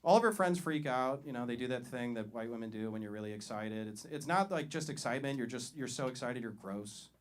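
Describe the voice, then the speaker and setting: A young man doing a stand-up set as the comedy show host, talking in a conversational, deadpan way on a handheld mic in a live venue. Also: medium pitch, brisk, few pauses, slight background noise. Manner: conversational, deadpan delivery with loud hype-up. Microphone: handheld stage mic. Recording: live crowd audible. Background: audience laughter.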